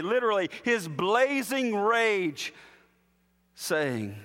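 A man preaching an expository sermon, emphatic, dropping low and slow on key phrases. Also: fairly bright tone. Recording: long hall reverb.

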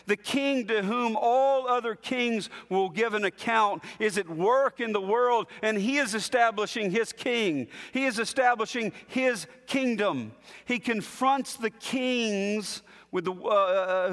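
A man preaching an expository sermon, emphatic, dropping low and slow on key phrases. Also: fairly bright tone. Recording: long hall reverb.

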